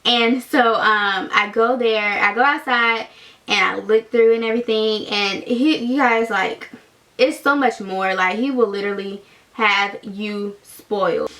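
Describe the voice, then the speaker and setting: A young woman telling a story in a chatty, animated vlog style, full of fillers. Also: medium pitch, unhurried. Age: young adult. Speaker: vlogger.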